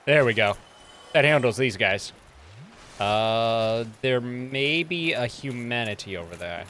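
Sweary gamer in a mock British accent. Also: male voice, medium pitch, animated, slow, a bit bright, slight background noise. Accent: put-on British. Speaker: streamer playing a video game. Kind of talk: live gameplay commentary.

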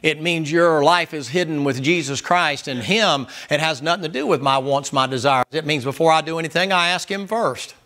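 High, bright-voiced preacher man. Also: moderate pace, few pauses. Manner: loud, emphatic, hollering at times. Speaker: pastor. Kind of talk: sermon.

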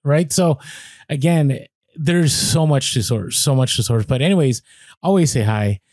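A man co-hosting a podcast, telling an animated story with quoted voices and many restarts. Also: medium pitch, unhurried, no room sound. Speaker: podcast co-host.

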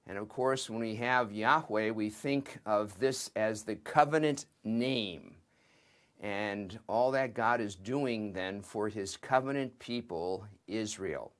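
An older man, a seminary professor, giving a slow and methodical lesson that works through a Hebrew scripture text word by word. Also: fairly low pitch, lively intonation.

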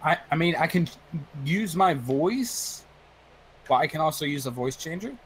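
Lively, joking teen boy. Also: fairly high pitch, measured pace, a little hiss or hum, poor audio. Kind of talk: casual online group chat.

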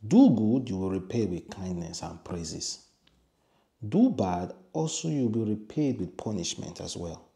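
A man's voice: on the low side, lively intonation, a little slow, dark tone. A man with a Nigerian accent giving emphatic, opinionated commentary, repeating his refusals.

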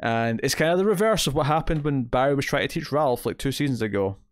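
A man's voice: medium pitch, animated, fast, no room sound, studio quality. A man co-hosting a podcast, chatting casually about TV episodes, rambling with fillers and quoted asides. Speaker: podcast co-host. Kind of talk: casual TV review chat.

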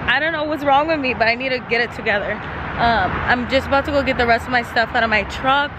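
A woman in her twenties chatting excitedly and nervously in a casual vlog. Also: fairly high pitch, fast talker, background noise. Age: 20s. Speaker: vlogger.

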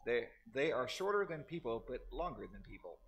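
A man's voice: mid-range voice, sing-song, a little fast, a crowd in the background. A man speaking as a convention panelist and game master, throwing in dry, jokey asides. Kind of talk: casual panel discussion. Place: large convention hall.

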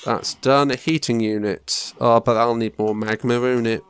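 A man's voice: medium pitch, fairly even intonation, normal speed, smooth, no room sound. A young man muttering to himself and swearing casually while commenting on his own gameplay. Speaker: gaming YouTuber. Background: faint game music.

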